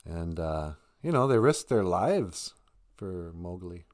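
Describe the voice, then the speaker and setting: A man in his fifties chats on a live stream, retelling a story in a rambling, animated way. He laughs often, and his voice sits slightly low. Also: slow. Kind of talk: casual chat, storytelling.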